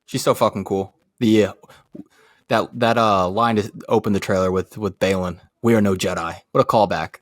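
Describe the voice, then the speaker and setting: Excitable male co-host, low voice, dry close sound, fan energy. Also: normal speed, no room sound. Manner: excitable fan gushing, swears casually. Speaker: podcast co-host. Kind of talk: casual chat.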